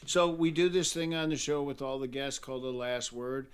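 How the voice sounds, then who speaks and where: A man's voice: medium pitch, normal speed, clean tone. A man hosting a show, talking casually in an easygoing way. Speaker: podcast host. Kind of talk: casual chat.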